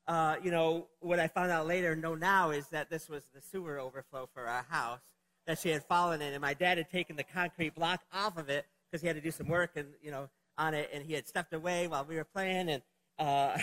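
A man's voice: a little high, steady tone, a little fast, sharp tone, in a large hall, poor audio. A middle-aged man preaching a sermon, opening with a childhood story, in a conversational, rambling way with many fillers. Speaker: pastor.

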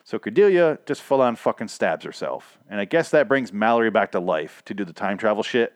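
A man's voice: lowish voice, lively intonation, a little fast, dry recording, clean studio sound. A man casually recapping a TV episode, rambling and profane, laughing at his own asides.

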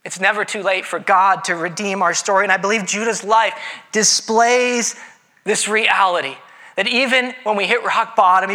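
A man preaching a sermon in a conversational way, with dramatic pauses and playful voiced asides. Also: high-pitched, bright, forceful tone. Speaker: pastor.

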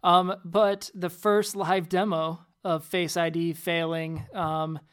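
A woman's voice: fairly low pitch, little pitch movement, slow, clear, resonant tone. A woman co-hosting a podcast in casual tech chat, hesitant and often repeating words as she starts a sentence. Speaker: podcast co-host.

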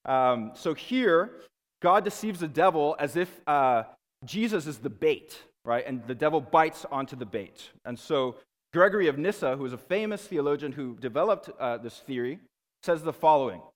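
A man gives a lecture to a room of students, lively and chatty, often stopping to check in with the class. His voice sits a little high for a man. The long reverb of a big hall hangs after his words. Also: moderate pace.

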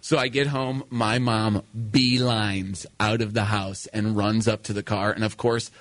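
A man's voice: lowish voice, little pitch movement, unhurried, a bit bright, no echo. A man telling a story in casual chat, acting out quoted voices and laughing as he goes.

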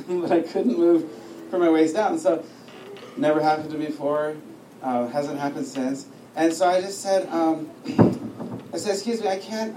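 A man with a high voice preaches a lively sermon, telling his story with humor and acting out the lines of others. He sounds far from the mic in an echoing hall, with clear noise underneath. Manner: storytelling with humor, acts out dialogue. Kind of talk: sermon teaching. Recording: echoey room, distant mic, noisy.

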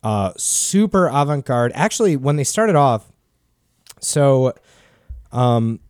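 A man's voice: medium pitch, sing-song, takes it slowly, a little mellow, smooth, no echo, clean studio sound. A man co-hosting a podcast, rambling through a story in loose casual chat and swearing freely. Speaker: podcast host.

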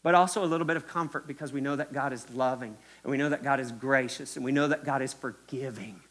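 A male pastor from Kentucky preaches in his Kentucky accent, his voice bright and sharp. He leans on repetition and speaks straight to the congregation in a church. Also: mid-range voice, fast talker. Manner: emphatic, repetitive, addresses the congregation directly. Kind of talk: sermon.

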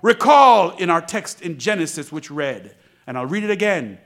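A man preaching a sermon, building to shouts and dropping to whispers, with slow emphatic repetition. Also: sits high, big pitch swings. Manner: dramatic, swings from shouting to near-whispers.

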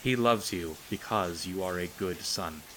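A man reading aloud and voicing a young princess, a steady older sister who speaks softly and comfortingly. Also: sits low, a little slow, slight background noise, poor audio. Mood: gently comforting. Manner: soft, comforting, coaxing.

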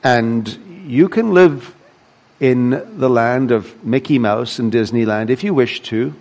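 A man's voice: medium pitch, slow pace, a little mellow, highs cut off. A man preaching a sermon as pastor, explaining a psalm with rhetorical questions and emphatic repetition.

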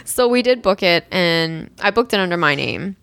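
A young woman casually telling a story, acting out quoted lines with a jump in pitch and frequent laughs. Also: moderate pace, vocal fry, clean tone, no echo. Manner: animated, acts out quotes with rising pitch and laughs. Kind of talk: casual chat.

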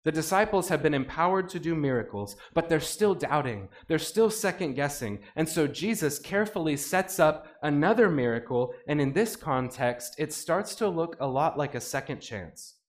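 Male pastor, slightly high-pitched, animated sermon delivery that dramatizes the quotes. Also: moderate pace, hardly any pauses. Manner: animated, acts out quoted voices with rising intensity.

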